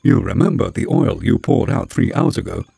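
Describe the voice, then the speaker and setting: A man voicing a sardonic male computer that speaks flatly and matter-of-factly. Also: a little high, moderate pace, breathy edge, no echo, voice pushed up. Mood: deadpan. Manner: flat, dry, matter-of-fact.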